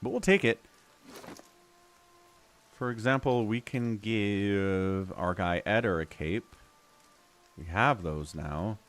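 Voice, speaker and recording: A man's voice: fairly low pitch, slow pace, long pauses, fairly bright tone, faint music behind. A man streaming a role-playing game, chatting casually and reading the game text aloud. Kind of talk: casual gameplay commentary.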